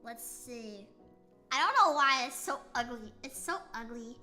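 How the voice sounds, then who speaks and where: A woman's voice: fairly high pitch, expressive, measured pace, bright, forceful tone, faint music behind. A woman from the United States chatting casually on a live stream, playful and rambling, often joking at her own expense. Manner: playful, rambling, self-mocking.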